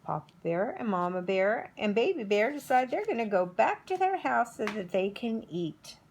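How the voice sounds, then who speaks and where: A middle-aged woman, a preschool teacher, slowly telling a story to toddlers. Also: fairly high pitch, slight background noise. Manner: slow, expressive storytelling.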